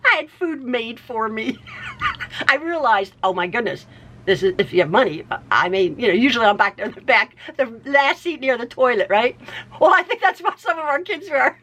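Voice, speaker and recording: Laughing, high-voiced storyteller woman. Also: moderate pace, slight background noise. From United States. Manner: laughs often, restarts sentences, animated. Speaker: vlogger telling family stories. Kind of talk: casual storytelling.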